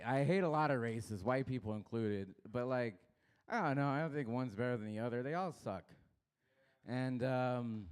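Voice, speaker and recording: A young man from Los Angeles doing a crude stand-up set, baiting the crowd and swinging his pitch up and down. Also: a little mellow, smooth. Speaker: stand-up comedian. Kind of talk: stand-up set at an open mic.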